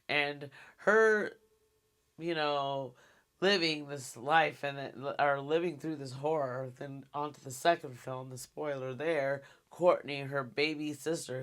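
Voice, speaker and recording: Bright rambling man reviewing films. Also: mid-range voice. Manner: rambling, frank, swears and laughs often. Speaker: horror film reviewer. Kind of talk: casual film review monologue.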